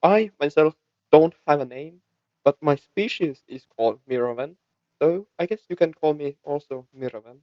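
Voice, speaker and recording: A man voicing a friendly, polite alien woman in a tabletop role-play, speaking softly. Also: a little high, moderate pace, dry recording, natural voice. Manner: soft-spoken, cheerful and polite. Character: soft-spoken alien woman, friendly and curious. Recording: dull, lo-fi mic.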